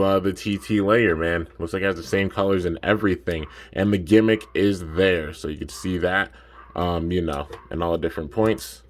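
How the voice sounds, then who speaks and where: Laid-back and a little drowsy, a very deep-voiced young man reviews toys with a rambling unboxing chat. He takes his time, leaning on "man" and "like" as fillers.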